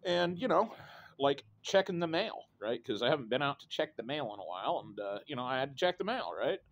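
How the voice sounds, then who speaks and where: A man's voice: mid-range voice, big pitch swings, a little fast, dull audio. A middle-aged man from Idaho telling a personal story in a casual, rambling way, swearing freely and tagging lines with "right?" and "you know.". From Idaho, USA.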